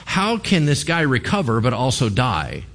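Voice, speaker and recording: Animated casual-talking male pastor. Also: mid-range voice, moderate pace. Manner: casual storytelling with slang, acting out characters. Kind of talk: sermon.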